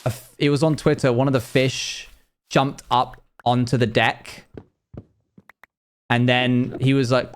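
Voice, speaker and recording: A man's voice: medium pitch, little pitch movement, unhurried, pauses often, smooth. A young man casually chatting with his stream viewers, telling rambling stories with frequent laughs. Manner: rambling, laughing, self-deprecating storytelling. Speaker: live streamer.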